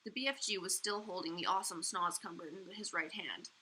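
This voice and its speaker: A woman's voice: on the low side, a little fast, a little hiss or hum, rough recording. A woman reading a children's book aloud, showing the pictures as she goes. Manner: lively, expressive reading.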